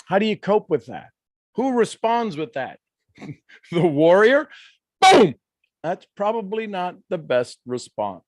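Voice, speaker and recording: A man coaching a live workshop, animated, acting out quoted voices and laughing often. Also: high voice, a little slow, no echo, studio quality.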